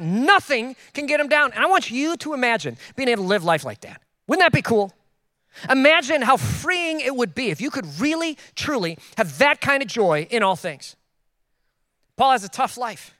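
A man preaching a sermon in a casual, joking way, with quick asides to the congregation. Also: extremely high pitch, fairly bright tone, no echo, studio quality. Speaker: pastor. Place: church.

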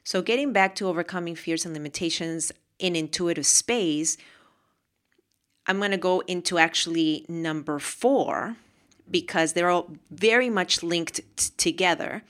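A woman's voice: fairly low pitch, unhurried, a bit bright. A woman hosting a motivational podcast, talking casually and emphatically and repeating phrases for emphasis. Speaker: podcast host.

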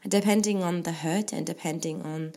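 A woman's voice: on the low side, fairly even intonation, normal speed, gravelly, mellow. A middle-aged woman hosting a faith-based podcast, talking earnestly and reflectively with frequent ums. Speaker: podcast host.

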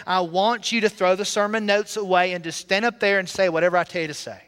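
A man's voice: high-pitched, bright, forceful tone. A man from Alabama preaching a sermon in a church, telling his own story earnestly and breaking into song at times. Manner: earnest storytelling with sung passages. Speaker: pastor. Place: church sanctuary. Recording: hall reverb.

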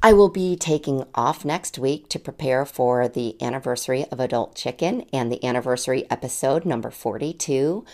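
A woman in her late forties with a low, gravelly voice hosts her own podcast. She tells a personal story in a chatty, self-deprecating way, laughing often. Her pitch stays low, with a rough edge. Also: normal speed, few pauses, darkish tone. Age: 40s. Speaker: podcast host.

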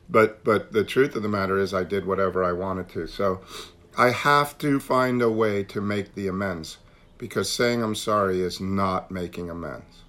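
Low-voiced man leading a recovery meeting. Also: normal speed, fairly bright tone. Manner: earnest, repeats phrases for emphasis. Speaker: meeting leader. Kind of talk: sharing at a recovery meeting on a call.

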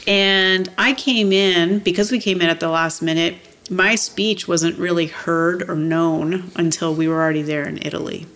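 Activist woman guest, low and gravelly, earnest and moved. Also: fairly even intonation, moderate pace, hardly any pauses, a bit bright. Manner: earnest, frequent "you know" and "like" fillers. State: moved, near tears. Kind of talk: heartfelt storytelling in conversation.

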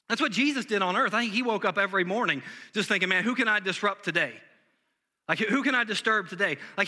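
A man's voice: high-pitched, pushed and bright. A young man, a pastor, preaching a sermon in a casual, conversational way, full of fillers and asides.

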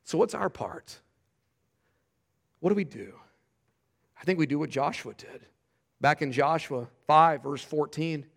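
A middle-aged male pastor preaching a sermon. He tells stories animatedly, often repeats words when he starts a sentence, and drops to quiet, fervent prayer. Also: a little high, lively intonation, a little slow, gravelly, pauses often, long reverb tail. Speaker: pastor planting a church. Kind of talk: sermon with storytelling.

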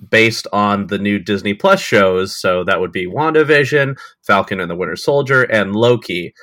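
A man co-hosting a casual podcast, talking in an earnest, halting way with frequent restarts. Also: fairly low pitch, sharp tone, no echo, studio quality. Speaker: podcast co-host. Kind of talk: casual chat.

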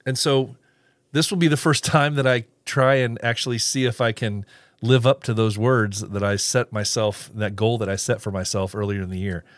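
A man's voice: on the low side, steady tone, normal speed, no echo. A man hosting a casual solo podcast, rambling with restarts and little chuckles as he reads live comments. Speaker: podcast host.

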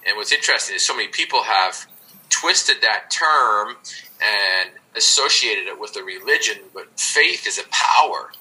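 Earnest man with a bright voice. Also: on the low side, expressive, moderate pace, rough recording. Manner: earnest, reflective, with many restarts. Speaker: guest. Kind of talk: conversational storytelling.

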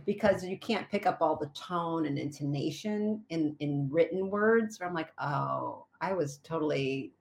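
Soft-spoken woman in podcast chat. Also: lowish voice, moderate pace, hardly any pauses.

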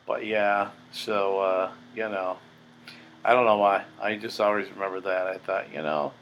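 A man's voice: sits low, steady tone, a little slow, a bit bright, slight background noise, rough recording. An older man hosting a podcast, telling a story in a blunt, profane, boastful way. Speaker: podcast host. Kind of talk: casual storytelling monologue.

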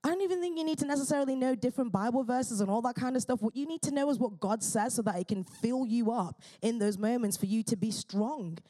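A woman's voice: on the high side, fast talker, hardly any pauses, mellow. A woman preaching a sermon in an earnest, fervent way, often restarting her phrases.

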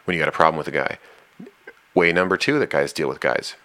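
A man's voice: rumbling low, fast talker, bright, forceful tone. A man hosting a relationship advice talk, speaking frankly and directly in a casual way.

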